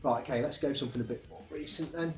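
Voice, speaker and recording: A man chatting casually about his game finds, relaxed and rambling with fillers. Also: medium pitch, rapid-fire. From England. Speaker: game collecting vlogger. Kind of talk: casual chat. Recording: echoey room, faint music behind.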